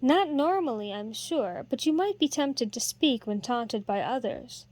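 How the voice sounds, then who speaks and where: A woman reading a storybook voices an older master harper, a man who speaks in a measured, kindly but authoritative way. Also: fairly high pitch, animated, darkish tone.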